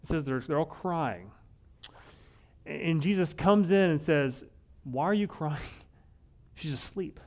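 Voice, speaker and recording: A male pastor giving a conversational sermon, wry and animated, often acting out the lines of the people in the story. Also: on the high side. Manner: conversational, wry, acts out quoted voices.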